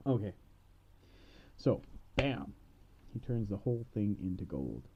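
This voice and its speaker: A man casually retelling a fairy tale in playful slang, punctuating it with shouts of bam. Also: fairly low pitch, big pitch swings, unhurried, long pauses, phone-quality sound, slight background noise.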